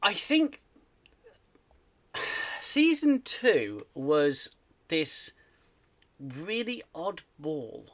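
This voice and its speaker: A man from the UK hosting a casual live stream chat, animated and ranting, with lots of restarts. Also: fairly high pitch, drawn-out words, pauses often. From United Kingdom. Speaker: host.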